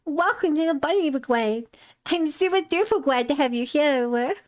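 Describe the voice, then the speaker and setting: A cutesy uwu-talking girl, put on by a woman on a live stream, pitched high and coated in a sugary, mock-sweet manner. She tags "uwu" onto everything she says and leans hard into the cute act. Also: lively intonation, normal speed.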